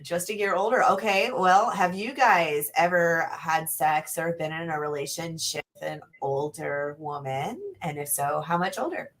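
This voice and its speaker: A woman's voice: deep voice, normal speed, few pauses. A young woman hosting a casual livestream interview, bubbly and reading viewer comments aloud.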